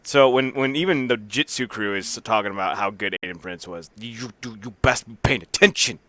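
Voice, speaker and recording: A man's voice: lowish voice, a little fast, sharp tone, a little hiss or hum. A man co-hosting a casual wrestling podcast, cracking profane jokes and acting out quotes in silly voices. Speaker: podcast co-host.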